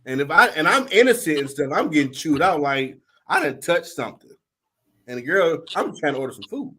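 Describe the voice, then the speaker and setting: Animated storytelling man, lively pitch. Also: brisk, husky. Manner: storytelling, animated, slangy, acts out quoted voices. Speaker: host. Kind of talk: casual panel chat.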